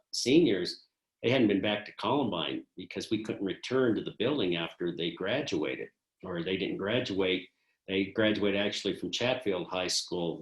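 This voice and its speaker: A man's voice: on the low side, roomy sound, poor audio. A man in his sixties from Colorado, a retired school principal telling his story earnestly and with emotion in an oral history interview. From Colorado, USA.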